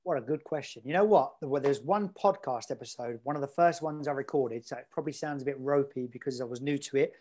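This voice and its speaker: A man's voice: mid-range voice, fast talker, hardly any pauses, darkish tone. An English man, a podcast guest, telling a story in a rambling, chatty way with lots of fillers. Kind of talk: casual storytelling.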